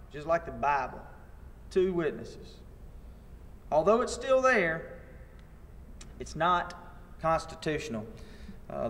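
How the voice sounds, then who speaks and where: A man, a lawyer teaching a training seminar in a wry, anecdotal way. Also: fairly high pitch. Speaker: attorney and workshop instructor. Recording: long hall reverb.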